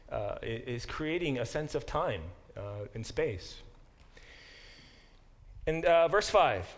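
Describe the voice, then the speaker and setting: Lecturing man, halting and thoughtful. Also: medium pitch. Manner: thinking aloud, many restarts and fillers; slows down to sound out Hebrew words. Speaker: professor teaching a Bible class. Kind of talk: classroom lecture.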